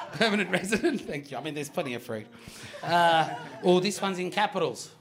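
A man hosting a live comedy show, animated and full of swearing. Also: sits high, roomy sound. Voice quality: profane, animated. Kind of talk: live comedy panel banter. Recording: audience laughter throughout. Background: live audience laughter.

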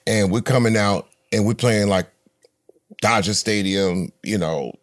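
A man's voice: fairly low pitch, measured pace, no room sound, studio quality. A middle-aged man, a veteran rapper as guest, talking in an emphatic storytelling way with many restarts. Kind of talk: casual conversation.

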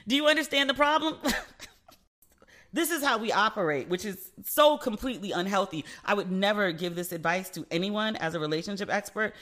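High bright-voiced guy chatting solo on his podcast, swears a lot, plays out both sides of old convos. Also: expressive, a little fast. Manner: candid, swears freely, acts out both sides of conversations. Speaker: podcast host; relationship advice podcaster. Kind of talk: casual solo podcast chat.

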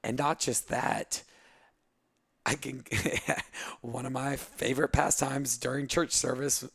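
Man, 30s, candid guest storyteller. Gravelly, mid-pitched, loose and rambling delivery. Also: fairly even intonation, takes it slowly, a bit bright, no room sound, clean studio sound. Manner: rambling, filler-heavy with frequent 'like'.

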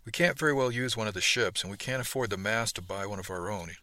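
A man voicing an eager young male trader in an audiobook, brisk and enthusiastic. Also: fairly low pitch, pushed and bright, no echo.

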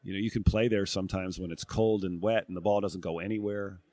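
A man's voice: low voice, fairly even intonation, fast talker, dark tone, no echo. A middle-aged man from New England, a guest in a casual interview, talking reflectively and thinking aloud with many fillers and restarts. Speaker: guest, former tour golfer and broadcast analyst.

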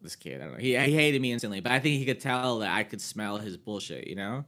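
A man's voice: on the low side, lively intonation, fast, pushed and bright. A man, a comedian, chatting casually on a podcast into a close microphone, telling stories with mocking put-on voices. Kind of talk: casual chat.

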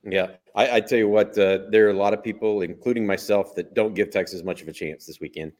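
A man hosting a sports talk show, asking questions in a relaxed, conversational way and often checking in with "right?". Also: on the low side, fast talker. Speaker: host.

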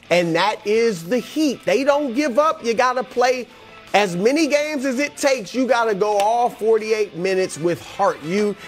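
A man co-hosting a sports talk show, delivering a hyped-up motivational list straight to the players. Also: sits high. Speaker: co-host.

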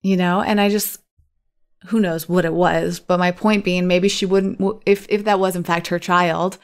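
A woman's voice: on the low side, steady tone, normal speed, clear, resonant tone. A woman co-hosting a podcast, talking in a thoughtful, rambling way with many fillers. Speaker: podcast co-host. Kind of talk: casual chat.

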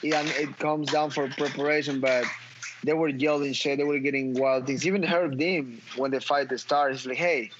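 A man's voice: mid-range voice, steady tone, moderate pace. A man who fights in mixed martial arts, giving a post-fight interview, talking emphatically with lots of swearing, stumbling and repeating words. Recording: dull audio with clear background noise.

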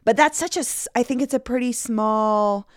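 A woman's voice: on the high side, moderate pace, no echo, clean studio sound. A woman from Colorado hosting a casual interview, chatty and enthusiastic. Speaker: podcast host.

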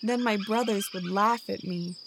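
A woman voicing a kind-hearted young male bear cub who speaks quietly and earnestly to himself in a storybook reading. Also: mid-range voice, moderate pace, noisy background, lightly acted.

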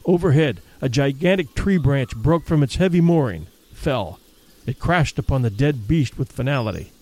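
A man narrating a story aloud in a measured, dramatic way, slowing for effect and dropping low at quiet moments. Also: expressive.

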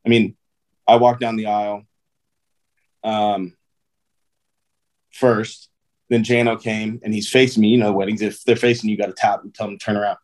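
A man with a lowish voice tells long stories as an interview guest. He talks loosely and casually, leaning on filler words and "dude" as he goes. The feel is relaxed and conversational. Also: moderate pace, long pauses. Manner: loose and chatty, full of "um", "like" and "dude". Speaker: guest, pro baseball player.

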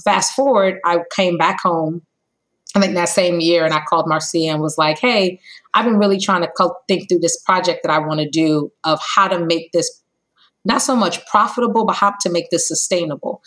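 Woman, 30s, podcast guest, storytelling, lowish voice, acts out dialogue. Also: normal speed, rough recording. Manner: animated storyteller, acts out dialogue with big pitch jumps. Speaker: company co-founder, guest.

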